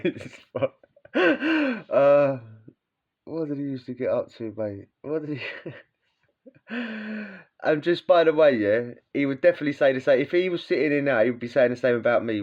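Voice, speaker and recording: A man with a British accent telling prison stories in a casual, slangy way, swearing freely and laughing as he talks. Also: fairly low pitch. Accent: British English. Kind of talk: casual storytelling. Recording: dull lo-fi sound.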